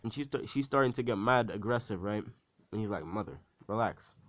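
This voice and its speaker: A man's voice: lowish voice, a little fast, low-quality recording. A man casually retelling a fan story in a rambling way, full of fillers.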